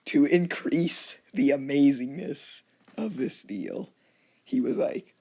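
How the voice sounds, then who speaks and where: A man's voice: fairly high pitch, expressive, slow, creaky, warm tone. A man casually narrating and commenting on his strategy game match, rambling and acting out chats with other players. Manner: rambling, restarts often, acts out quoted chats. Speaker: gameplay commentator.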